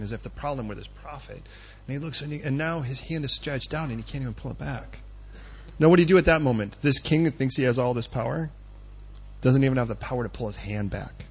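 A man's voice: medium pitch, breathy edge, muffled recording. A male pastor preaching a sermon in a conversational, punchy way, quizzing his listeners.

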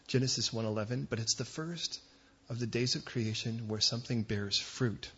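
Husky pastor man, joking sermon asides. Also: medium pitch, a bit bright, highs cut off. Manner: conversational, joking asides, quick digressions.

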